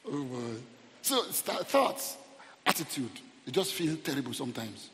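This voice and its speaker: A middle-aged Nigerian man preaching a humorous, animated sermon, often repeating his words. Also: medium pitch, moderate pace. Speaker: pastor. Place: church hall. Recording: long church reverb.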